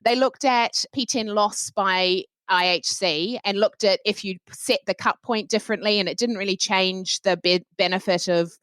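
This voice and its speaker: A woman's voice: mid-range voice, fairly even intonation, a bit bright, no room sound. A woman from New Zealand with a New Zealand accent, an oncologist speaking frankly and carefully in a roundtable discussion. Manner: frank and measured, careful with drug names.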